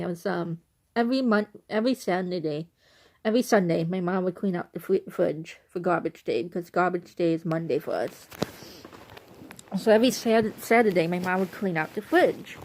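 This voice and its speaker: A woman speaking in a relaxed, reminiscing monologue for her vlog. She rambles, backtracks and restarts her sentences, and her voice sits at an ordinary middle pitch for a woman. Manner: rambling, with many restarts and asides. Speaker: vlogger.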